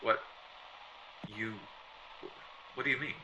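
A man's voice: medium pitch, steady tone, slow pace, muffled recording, background noise, lightly acted. An actor playing a flustered, stammering male mystery writer in an old-time radio drama.

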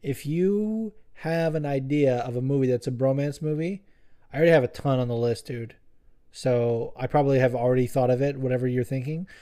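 A man's voice: mid-range voice, fairly quick, dark tone. A young man hosting a podcast, chatting in a rambling, profane, joking way. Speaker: podcast host. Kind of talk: casual podcast chat.

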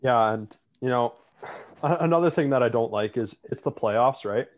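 A man's voice: mid-range voice, moderate pace. A man in casual sports chat, co-hosting and ranting with lots of filler words.

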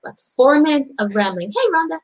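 A woman's voice: sits high, sing-song, brisk. A woman co-hosting a casual chat, teasing and blunt with her friend.

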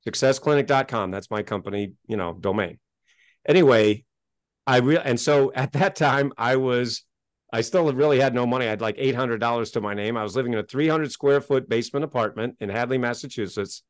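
A middle-aged man telling his story as a podcast guest, animated and emphatic, and he gets worked up as he talks. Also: mid-range voice, brisk, no echo, studio quality. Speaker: interview guest.

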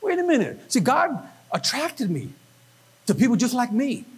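Husky, high-voiced preaching man. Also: normal speed. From Northern California. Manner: animated, acts out voices and quotes. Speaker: pastor. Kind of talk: sermon.

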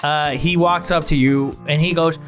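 A man's voice: on the high side, fairly even intonation, moderate pace, fairly bright tone, soft background music. A man narrating a tabletop game as game master, rambling with fillers and restarts.

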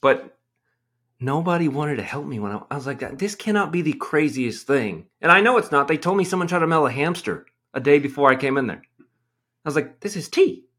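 A man on a casual podcast, telling a story in an animated, exasperated way and swearing freely. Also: fairly high pitch, fairly quick. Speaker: podcast host.

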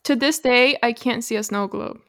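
A woman's voice: a little high, normal speed, a bit bright, no echo. A woman hosting a film podcast, chatting casually in a playful, slangy way and laughing often. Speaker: podcast host.

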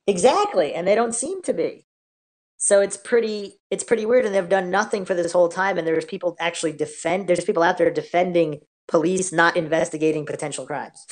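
A woman's voice: on the low side, brisk. A woman hosting a casual true-crime podcast, reading out reports and questioning them skeptically. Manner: questioning, skeptical, reads out articles and posts. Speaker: podcast host.

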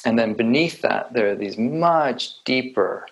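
A man giving a reflective meditation talk with light humor, often pausing and restarting his sentences. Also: medium pitch, expressive, poor audio. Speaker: meditation teacher.

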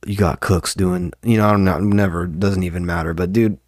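A man's voice: low voice, steady tone, normal speed, dry recording, studio quality. A young man and open mic comedian, rambling and swearing a lot in a casual podcast monologue. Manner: rambling, profane, ranting.

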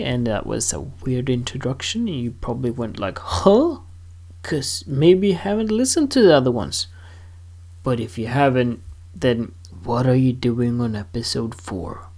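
A young man hosting a casual solo podcast, rambling and self-mocking, dropping into silly voices now and then. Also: medium pitch. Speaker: podcast host.

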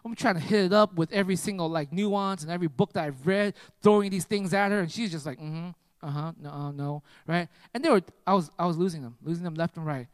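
Male preacher, high voice, dry close sound; storytelling sermon, drops to a hush then surges, keeps asking "right?". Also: fast talker, hardly any pauses, dry recording. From United States. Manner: dramatic swings from hushed to loud, constant "right?" tags.

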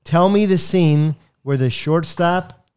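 A man's voice: a little high, takes it slowly, a little mellow, smooth. A man co-hosting a casual sports podcast, insistent and theatrical, repeating his points for effect. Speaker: podcast co-host.

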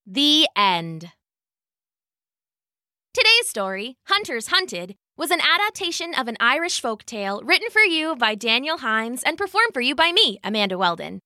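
Unhurried bright-voiced woman storyteller. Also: high voice, dry recording, clean studio sound. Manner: soft, unhurried, expressive storytelling. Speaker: storyteller host. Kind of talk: scripted children's story narration.

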